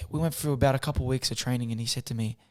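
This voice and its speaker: A young man speaks in a soft, unassuming way. He tells his story in a casual interview, throwing in slang and quick impressions of the people around him. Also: medium pitch, fairly even intonation. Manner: soft-spoken, chatty, acts out quotes with slang. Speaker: guest, boxer.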